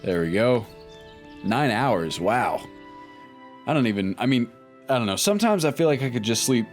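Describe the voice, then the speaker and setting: A man with a very low voice giving easygoing let's play commentary, musing aloud and pausing with ums as he plays. Faint game music runs under his talk. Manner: relaxed, thinking aloud with frequent ums. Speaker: gaming YouTuber.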